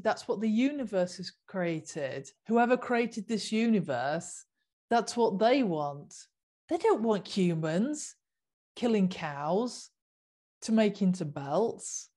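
A woman's voice: mid-range voice, darkish tone. A woman vlogger giving an impassioned, casual monologue, earnest and repetitive, full of rhetorical questions.

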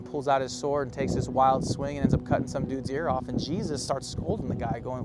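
A man preaching a sermon as pastor, animated and emphatic, swinging between loud bursts and quiet, earnest stretches. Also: mid-range voice, fairly quick, few pauses, noisy background.

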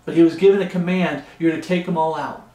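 A man's voice: a little high, fairly even intonation, fast talker, warm tone. A man preaching an expository Bible sermon with passion, often raising his voice. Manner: impassioned, raises his voice. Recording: echoey room.

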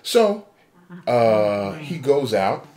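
A man's voice: medium pitch, very animated, drawn-out words, darkish tone. A man casually retelling a game theory as a story, acting out a panicked character's inner voice. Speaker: podcast co-host. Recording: amateur podcast recording.

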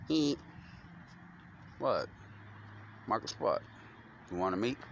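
A man's lowish voice moves slowly but with lively intonation as he delivers a meandering, slangy stream of thought full of swearing. The clip is recorded amid loud street noise with vehicles passing by.

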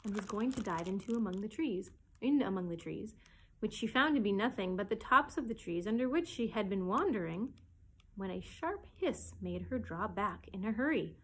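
A children's librarian reading a storybook aloud for children, with expressive storytelling. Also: female voice, medium pitch, normal speed, slight background noise, rough recording.

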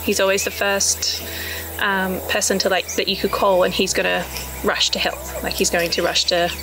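A woman's voice: medium pitch, level tone, normal speed. A woman speaking casually and a bit hesitantly, with lots of fillers, about her partner. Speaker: partner of the winner. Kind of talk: casual chat. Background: music.

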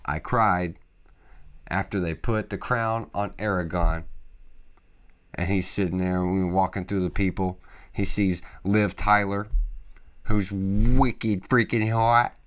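A man hosting a podcast, talking casually and excitably, with lots of emphatic interjections. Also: sits low, slow pace, clear, resonant tone. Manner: excitable, emphatic, peppered with "freaking" and "dude". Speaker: podcast host. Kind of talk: casual solo podcast monologue.

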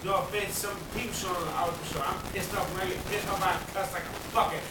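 A man ranting in a rough, heavily profane rant, bursting into shouts and loud laughs. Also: high voice, fairly even intonation, fast talker. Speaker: amateur rapper vlogging. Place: outdoors on a street. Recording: very echoey, distant from mic, noisy.

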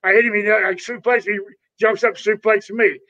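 A man's voice: high-pitched, fairly even intonation, normal speed, sharp tone. An older man, a retired wrestler, telling rambling, profane stories in a casual interview and calling people "brother". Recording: dull lo-fi audio.

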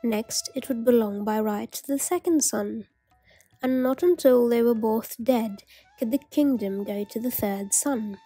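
Slow, gentle woman storyteller. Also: a little high, husky, no echo, faint music behind. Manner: slow, gentle read-aloud. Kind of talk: storybook narration.

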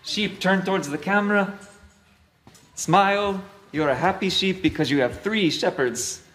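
A woman's voice: fairly low pitch, unhurried, distant mic. A woman directing a nativity scene, giving firm commands and feeding lines one at a time. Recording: echoey room with loud noise.

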